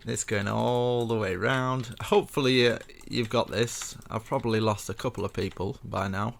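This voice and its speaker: A man's voice: medium pitch, steady tone, normal speed, creaky, a little hiss or hum. A young man casually walking viewers through a building tutorial step by step, chatty and rambling with self-mocking asides.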